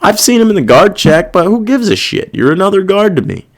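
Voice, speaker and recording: A man's voice: high-pitched, sing-song, brisk. A man hosting a casual solo podcast, venting in a profane, irritated rant that rambles and loses its thread. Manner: rambling, loses his train of thought. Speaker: podcast host. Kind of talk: casual monologue.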